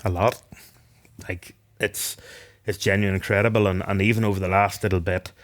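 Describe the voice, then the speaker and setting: A man from Northern Ireland with a low, deep voice and a Northern Irish accent. He answers podcast questions in a thoughtful, unhurried way, often restarting his sentences. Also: flat delivery. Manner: thoughtful, with frequent restarts and fillers. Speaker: guest, retired rugby captain.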